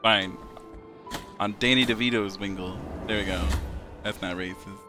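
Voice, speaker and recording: A man's voice: fairly low pitch, fairly even intonation, moderate pace. A man streaming a video game, counting out his moves and swearing as he vents his frustration at it. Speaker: gaming streamer. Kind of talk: let's play commentary. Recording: game music playing behind.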